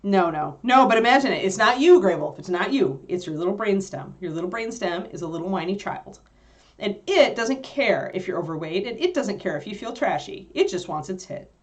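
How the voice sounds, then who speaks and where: A woman with a mid-range, animated voice co-hosts a livestream, chatting with viewers fairly quickly. She answers the chat loosely and ramblingly, filling gaps with fillers and laughing easily.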